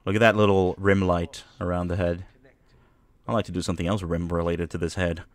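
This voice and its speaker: A man's voice: low-pitched, little pitch movement, brisk. A man streaming a video game, giving casual commentary with rambling, joking asides.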